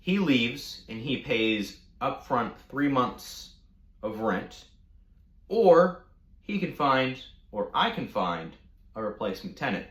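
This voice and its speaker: A man telling a casual storytime rant, animated, mocking and full of profanity. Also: on the low side, a little slow, echoey room. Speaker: storytime vlogger.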